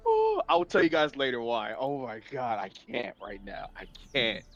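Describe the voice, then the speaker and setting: A man playing a tabletop game, excitable and quick to laugh loudly. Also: medium pitch, lo-fi sound, soft background music. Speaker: player. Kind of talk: tabletop role-play.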